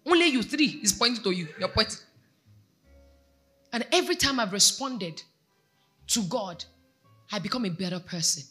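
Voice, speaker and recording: A woman's voice: mid-range voice, lively intonation, moderate pace, pauses often, fairly bright tone, soft background music. A Nigerian woman pastor preaching a sermon, exhorting her congregation and asking them questions. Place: church.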